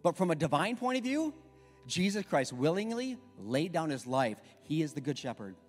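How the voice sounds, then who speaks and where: A middle-aged pastor preaching in an emphatic, conversational, storytelling way, recorded in an echoey church with faint music. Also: male voice, a little high, sing-song, normal speed. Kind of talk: sermon. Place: church sanctuary.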